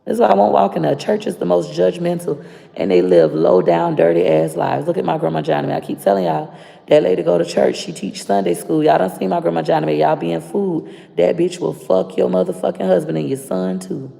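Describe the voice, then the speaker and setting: A woman's voice: fairly low pitch, brisk, vocal fry, dark tone. A woman with a Florida accent ranting bluntly and profanely to camera. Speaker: vlogger. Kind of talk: casual rant to camera. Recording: long reverb.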